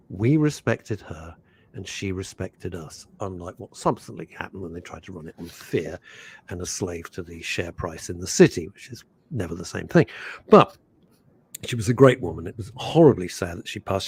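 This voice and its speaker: An older man hosting a radio show, chatting in an animated, rambling way that jumps between topics. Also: low voice, breathy edge. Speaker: radio host. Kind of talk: casual radio chat. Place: radio studio.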